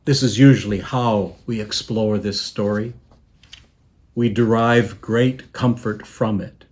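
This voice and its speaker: A man preaching a sermon as a guest minister, telling the story in a measured, reflective way and letting his voice drop softly on quoted words. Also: on the low side, fairly even intonation. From Canada.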